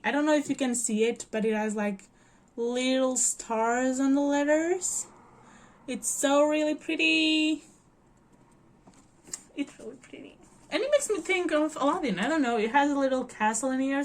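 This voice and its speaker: A Portuguese woman in her early twenties, a native Portuguese speaker, chatting casually and gushing with giggles as a book vlogger. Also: high-pitched. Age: early 20s. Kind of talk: casual chat.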